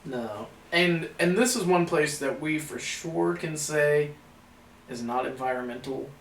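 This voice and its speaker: A man's voice: on the high side, unhurried. A man hosting a live paranormal investigation in an old house, talking casually with restarts and reading viewer comments aloud. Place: old house at night, indoors. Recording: roomy, distant, faint background noise.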